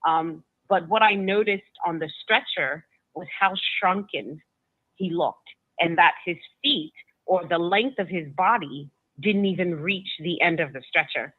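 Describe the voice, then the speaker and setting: Halting woman on a tinny phone line. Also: lowish voice, dry recording. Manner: halting, with frequent restarts and repeated words. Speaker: guest recounting a personal story. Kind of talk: emotional first-person storytelling.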